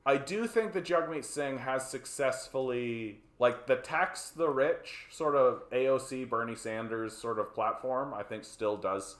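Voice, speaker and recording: A man's voice: mid-range voice, measured pace, hardly any pauses, fairly bright tone, roomy sound. A man with a Canadian accent, hosting a livestream of casual political commentary, rambling and profane, tagging his points with "right?". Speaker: livestream host.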